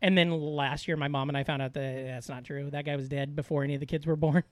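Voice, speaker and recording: A man's voice: on the high side, fairly even intonation, fast, no room sound. An American man, a comedian guest on a podcast, telling loose, joking stories in casual chat.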